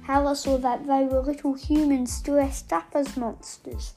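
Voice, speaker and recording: A woman reading a children's story aloud in an expressive, playful way. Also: sits high, unhurried. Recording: faint background music.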